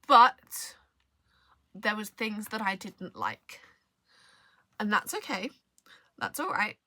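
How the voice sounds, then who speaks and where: A woman's voice: medium pitch, bright, forceful tone, dry recording. Rambling young woman reviewing books. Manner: rambling, trails off, hesitant restarts. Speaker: book vlogger. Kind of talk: casual book review chat.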